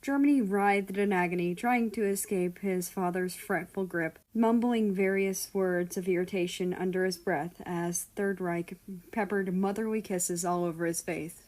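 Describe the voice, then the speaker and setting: A woman reading a fan fiction story aloud in a steady, storytelling way. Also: on the low side, normal speed. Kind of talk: scripted narration of a fan story.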